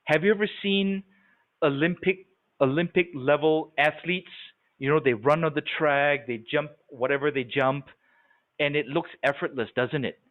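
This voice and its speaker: A man leading a live sales training webinar, animated and coaching, often checking that his audience follows. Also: on the high side, normal speed. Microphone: video call. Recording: tinny phone-like webinar audio.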